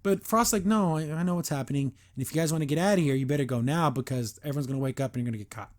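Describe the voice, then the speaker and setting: A man's voice: on the high side, racing. A man hosting a podcast, reviewing a cartoon episode in a sarcastic, exasperated way and acting out the characters' lines.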